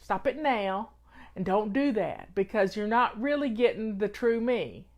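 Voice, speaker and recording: Folksy, motherly advice comes in casual chat from this host of a home-organizing live show, a woman from the Southern United States with a Southern accent. Her mid-range voice has lively intonation and a moderate pace.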